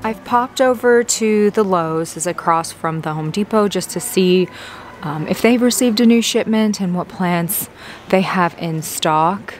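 A woman plant vlogger chatting casually as she browses a big box store garden center, easily excited. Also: fairly low pitch, unhurried, soft background music. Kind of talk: casual walk-through narration.

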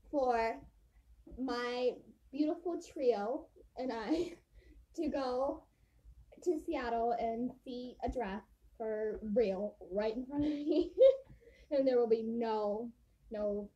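Giggly chatty woman, higher voice. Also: warm tone, poor audio. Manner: giggly, chatty, drawn-out listing. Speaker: vlogger tasting hot sauce. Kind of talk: casual chat. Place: hotel room.

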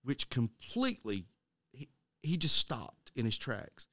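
A middle-aged man co-hosting a casual Christian podcast, telling a story with halting restarts and acting out the voices of the people in it. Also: medium pitch, very animated, pushed and bright, no room sound. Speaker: podcast co-host.

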